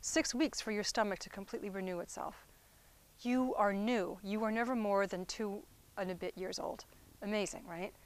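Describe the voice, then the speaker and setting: A woman therapist explaining inner-child healing work in a conversational teaching style. She checks in with her listeners as she goes and often softens into gentle, quiet phrasing. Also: mid-range voice, clean tone, poor audio. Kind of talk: instructional talk.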